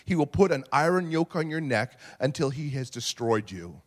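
A man preaching a sermon, animated, swinging from quiet reflection to shouting. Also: mid-range voice, normal speed. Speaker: pastor.

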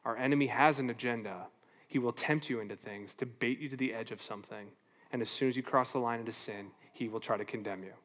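A man preaching a sermon as pastor, animated, asking rhetorical questions and playing out little back-and-forth exchanges. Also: mid-range voice, fast, big-room sound.

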